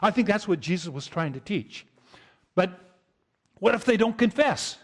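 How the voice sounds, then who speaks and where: Male pastor, high and animated, informal sermon delivery. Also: normal speed. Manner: animated, conversational preaching with chuckles and acted-out quotes.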